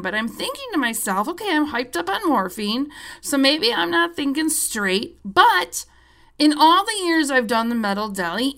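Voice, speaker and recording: A woman podcast host telling a story in a casual, animated and profane way, with wry asides. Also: high voice.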